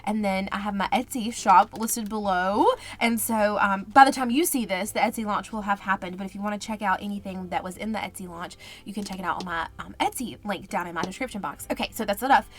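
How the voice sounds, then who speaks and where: A woman budgeting vlogger chatting casually and counting cash in a quiet, murmured voice. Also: medium pitch, fairly quick, few pauses. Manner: chatty, counts money under her breath.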